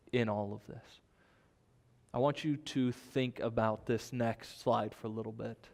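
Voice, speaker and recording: A man's voice: mid-range voice, a little mellow, in a large hall. A man preaching a sermon in a conversational way, asking his listeners rhetorical questions. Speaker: pastor.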